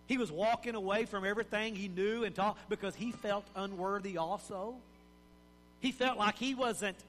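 A man with a high voice preaches a sermon in a folksy, animated way, slipping into the voices of the people in his story. His words carry a long reverb from a big church hall. A faint hum runs beneath him. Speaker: pastor.

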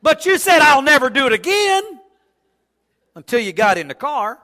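Preacher guy, high bright voice, acts out the story, big echoey church. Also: normal speed. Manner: animated storytelling, acting out voices, folksy humor. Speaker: pastor. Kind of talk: sermon. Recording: long hall reverb.

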